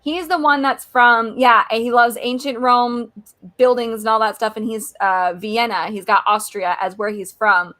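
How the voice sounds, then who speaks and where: A woman co-hosting a casual reaction chat, chatty with quick asides and frequent laughs. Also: on the high side, steady tone, a bit bright. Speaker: co-host.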